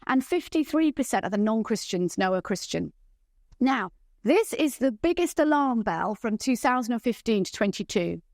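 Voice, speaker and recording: Her voice is fairly high yet darkish in tone, expressive, and at a normal speed, captured cleanly in a studio with no room sound. She presents church leadership training enthusiastically, frequently checking in with rhetorical questions.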